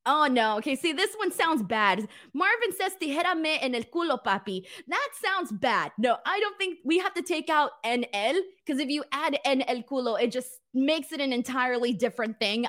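This wrestling show host reads out viewer messages on her laid-back live stream, playful and animated, laughing a lot, cracking jokes, and swearing casually. Her voice is high and her pace moderate, with few pauses.

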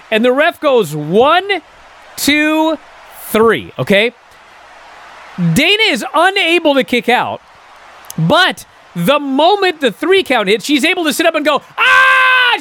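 A male podcast host giving a casual, incredulous recap, filled with "uh" and "and so". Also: sits high. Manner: animated, incredulous storytelling with many fillers.

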